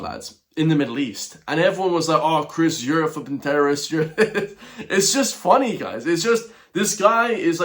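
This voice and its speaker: A man's voice: medium pitch, fairly bright tone. A man giving blunt, rambling reaction commentary on a video, full of fillers and asides. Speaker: reaction vlogger.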